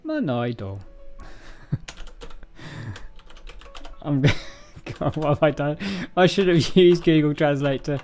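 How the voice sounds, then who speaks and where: A man's voice: a little high, fairly even intonation, slow, long pauses, a little mellow. Male streamer, casual live-coding chat, self-mocking, trips over words, faint music and typing behind. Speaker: livestreamer reading a programming book.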